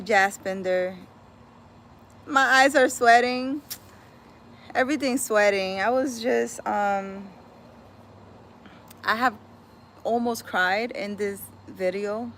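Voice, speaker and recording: A woman's voice: mid-range voice, steady tone, slow, pauses often, fairly bright tone, slight background noise. A woman chatting casually on a livestream as a spiritual healer, laughing often and slipping in Spanish exclamations.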